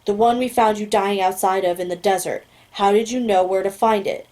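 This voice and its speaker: A woman reading an audiobook puts on a male government agent running an interrogation. His questions come flat and clipped, neutral in pitch. He is cold and detached. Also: fairly quick, natural voice. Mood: detached probing. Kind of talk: audiobook character voice.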